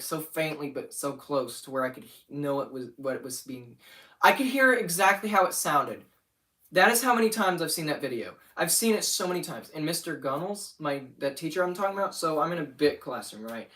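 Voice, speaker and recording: A man's voice: on the high side, fairly bright tone, far from the mic. A young man rambling casually about his animation channel on a livestream, often getting sidetracked. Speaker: channel owner.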